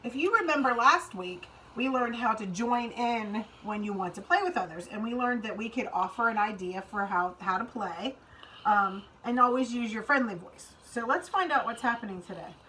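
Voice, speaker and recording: A woman teacher reads a picture book aloud to young children in a gentle, coaxing tone. Her voice sits a little high. A faint background hiss runs under the reading. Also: normal speed, poor audio. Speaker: preschool teacher.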